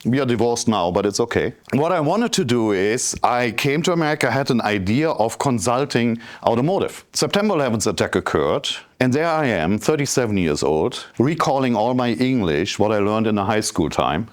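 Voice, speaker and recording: A man's voice: mid-range voice, normal speed, hardly any pauses. A man in his fifties from Germany with a German accent, giving a motivational talk as a business coach and telling his story straight to the audience. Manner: animated storytelling, addresses the audience directly.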